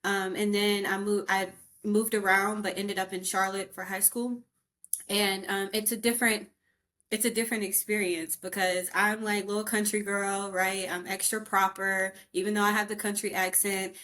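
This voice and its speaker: A woman's voice: medium pitch, little pitch movement, normal speed, a bit bright. A woman from rural North Carolina co-hosting a podcast, sharing a personal story in a reflective way. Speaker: podcast co-host. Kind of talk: casual podcast discussion.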